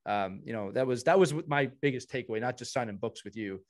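Here is a male podcast host in casual chat, earnest and effusive, piling warm praise on the people beside him. His voice sits at an ordinary middle pitch for a man. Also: quick pace.

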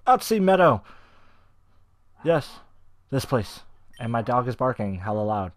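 A young man giving casual, excitable, profane let's-play commentary over a video game, shouting when frustrated. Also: medium pitch, unhurried. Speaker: gaming YouTuber. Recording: faint game music behind.

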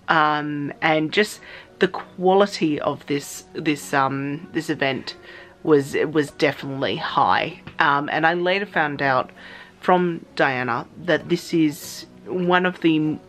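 An Australian woman chatting in a casual vlog, telling a story with excitement and acting out her own reactions. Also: sits low. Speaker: cosplay vlogger.

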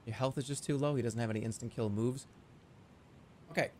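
A man streaming live, chatting casually and reading viewer stories aloud in an excitable, jokey way. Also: medium pitch, fairly quick, heavy background noise. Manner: excitable, jokey, prone to laughing fits. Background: faint music.

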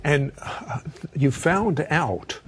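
Raspy man hosting an interview. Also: a little high, expressive, drawn-out words, soft background music. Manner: prompting, curious interviewer. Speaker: host. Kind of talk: interview questions.

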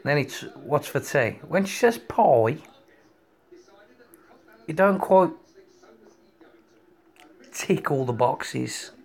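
A man drawls out a crude joke in deadpan banter. His voice is gravelly and unhurried. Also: on the high side. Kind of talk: comic banter.

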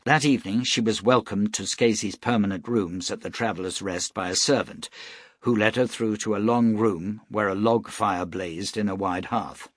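A man narrating an audiobook in a steady, even storytelling manner. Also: fairly low pitch, moderate pace, dry recording. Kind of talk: scripted narration.

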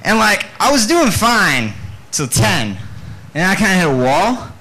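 A young man in a college comedy set, telling stories in a deadpan way, with animated voices for quoted lines. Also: sits high, measured pace, rough recording. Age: young adult. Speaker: stand-up comedian. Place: live venue with audience. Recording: faint background noise, live stream.

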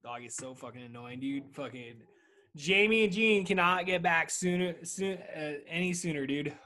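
Male podcast host, thirties, slightly high voice, laid-back profane rambler. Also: moderate pace, sharp tone. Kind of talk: casual solo podcast monologue. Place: at home.

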